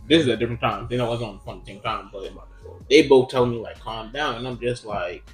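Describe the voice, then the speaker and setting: A man's voice: mid-range voice, fairly quick, faint music behind. A young man telling a personal story in casual chat, rambling and profane with lots of fillers. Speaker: podcast co-host. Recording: roomy echo.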